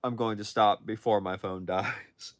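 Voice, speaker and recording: Young guy streaming from his phone, kinda low voice, rambly, keeps restarting his sentences. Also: fairly even intonation, measured pace. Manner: rambling, with frequent restarts and self-corrections. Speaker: livestream host answering chat. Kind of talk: casual livestream chat.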